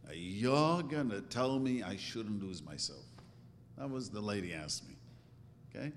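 A man's voice: lowish voice, animated, measured pace, slight background noise. A middle-aged man giving an earnest sermon as a religious teacher, repeating phrases and asking rhetorical questions. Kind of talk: sermon to a live audience. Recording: long hall reverb.

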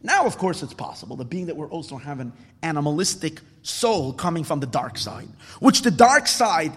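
Man, rabbi giving a storytelling sermon, husky voice, high lively pitch, long hall reverb. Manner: earnest, emphatic, halting restarts.

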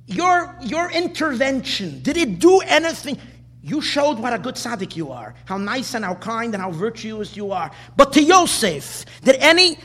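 Animated, high-voiced man teaching Torah. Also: husky. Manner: emphatic, rhetorical questions, repeats key phrases. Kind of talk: animated Torah class lecture.

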